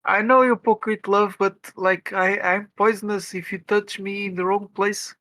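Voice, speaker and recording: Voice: mid-range voice, fairly even intonation, moderate pace, fairly bright tone, no echo. A co-streamer in casual chat who stammers and restarts at the start of sentences.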